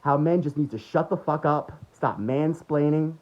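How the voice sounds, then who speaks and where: A man's voice: fairly high pitch, moderate pace. A man delivering an angry, mocking political rant full of swearing. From United States. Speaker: political commentator. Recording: dull lo-fi recording.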